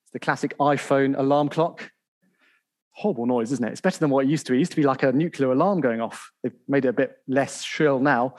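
A man preaching a sermon, calling out in loud animated bursts and reading scripture aloud at length. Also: mid-range voice, fairly quick. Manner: animated, calls out loudly in bursts.

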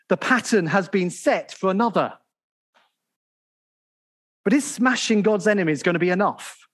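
Man, preacher, sermon, high voice, animated loud calls, reads scripture aloud. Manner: animated, calls out loudly in bursts.

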